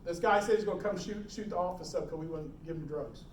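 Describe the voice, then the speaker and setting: A middle-aged man teaching emergency preparedness to a live audience, animated, quizzing the room and acting out scenes. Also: sits high, fast talker. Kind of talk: live classroom talk. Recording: roomy hall, distant mic, faint noise.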